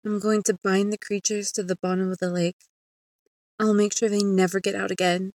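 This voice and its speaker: A woman voicing the calm, tender spirit of a dead grandfather in a storybook tale, speaking softly and sadly. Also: mid-range voice, normal speed, no room sound, studio quality, lightly acted. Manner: soft, sad, reassuring.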